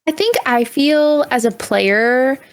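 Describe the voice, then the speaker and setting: A woman's voice: high-pitched, slow pace, no echo, studio quality. A woman who is a tabletop game player, talking earnestly and casually about the campaign with many fillers.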